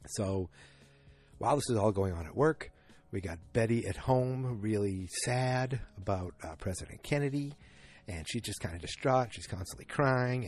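Casual rambling man recapping at home. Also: a little mellow. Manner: rambling, filler-heavy, acts out quotes in higher voices. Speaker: TV episode recapper. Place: at home with his dog.

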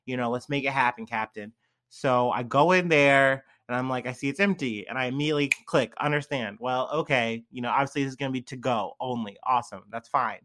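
A young man talks casually to his viewers, a little drunk and high. His talk wanders loosely and is full of fillers and slang. His voice sits at an average male pitch. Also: a little fast, few pauses, a bit bright. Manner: laid-back, heavy on fillers and slang. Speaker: vlogger. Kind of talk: casual rambling monologue.

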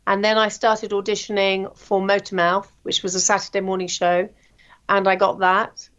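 A woman's voice: medium pitch, normal speed, smooth. Chatty woman telling stories, lo-fi. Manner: chatty, animated anecdotes with frequent fillers. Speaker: guest, TV presenter. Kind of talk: interview storytelling.

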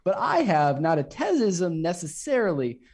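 A man's voice: high-pitched, sing-song, normal speed, a little mellow. A man co-hosting a casual podcast, telling a story with frequent ums and restarts. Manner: hesitant, many ums and restarts. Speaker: podcast co-host.

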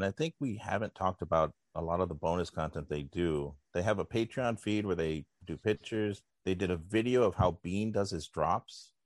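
A man's voice: low voice, no echo. A man hosting a podcast, recapping segments in a dry, rambling casual chat. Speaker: podcast host.

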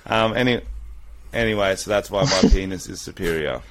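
A man with an Australian accent co-hosting a podcast, trading crude jokes in a deadpan casual way. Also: low-pitched, moderate pace. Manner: joking, deadpan crude banter. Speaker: podcast co-host. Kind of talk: casual chat.

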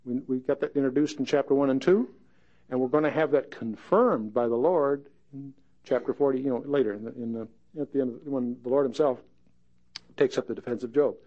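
A man's voice: mid-range voice, a little fast. A man teaching a conversational Bible study in a folksy, plain-spoken way with wry asides. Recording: dull lo-fi podcast recording.

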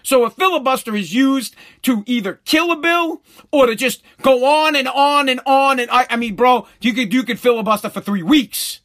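A man's voice: very high voice, moderate pace. A middle-aged man hosting a podcast, telling stories in a loose, profane monologue with frequent laughter. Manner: animated storytelling, laughs often, swears freely. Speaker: podcast host.

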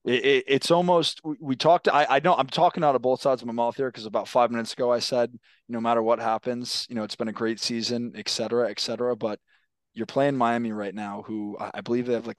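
A man's voice: mid-range voice, level tone, a little fast, dry recording. A young man hosting a casual sports podcast, talking loosely, often repeating his words as he goes. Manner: laid-back, swears casually. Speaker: podcast host.

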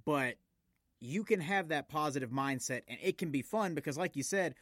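A man's voice: on the high side, animated, moderate pace, a bit bright, no echo, clean studio sound. A man hosting a podcast interview, casual and encouraging, affirming his guest. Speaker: podcast host.

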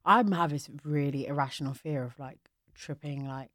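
A young woman in a casual chat, lively and quick to laugh, swinging from loud to mumbled. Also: low-pitched, no echo, clean studio sound.

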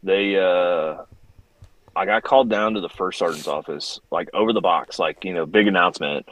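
Low-voiced man telling a lively story. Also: normal speed, poor audio. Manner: animated, profane, acts out quoted voices. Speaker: podcast guest, Air Force veteran. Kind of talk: casual storytelling.

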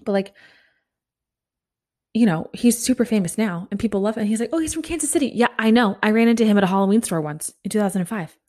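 A woman in her thirties hosting a solo podcast, telling a story in a breathless, animated way. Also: medium pitch, fast. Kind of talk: casual storytelling monologue.

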